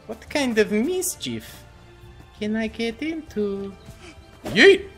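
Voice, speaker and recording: Animated, bright-voiced male gamer. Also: high-pitched, takes it slowly, soft background music. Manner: goofy, swings from mutters to yelling. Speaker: gaming YouTuber. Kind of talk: casual gameplay commentary.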